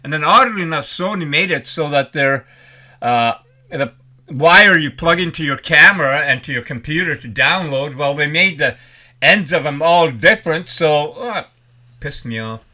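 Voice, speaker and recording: A retired older man rambling in a folksy, animated way as he talks to his vlog audience. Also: fairly high pitch, moderate pace. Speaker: vlogger. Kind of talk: casual vlog talk.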